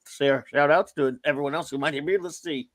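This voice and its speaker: Rambling man reading livestream shout-outs. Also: on the high side, quick pace, no echo. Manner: reads out chat names with playful titles, many fillers. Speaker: livestream co-host.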